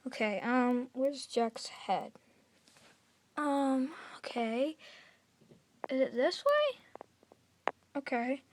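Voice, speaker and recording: A woman's voice: high voice, expressive, a little slow, long pauses, a little hiss or hum. A young girl vlogging casually to camera at home, rambling and apologizing a lot, with little giggles. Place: at home in a room.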